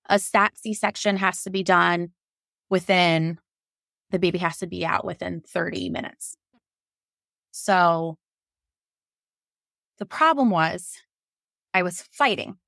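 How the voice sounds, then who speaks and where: A nurse in her thirties, appearing as a podcast guest, candidly and emotionally recounts her birth story, acting out her own past lines with rising pitch. Her voice is a bit bright, captured with clean studio sound and no echo.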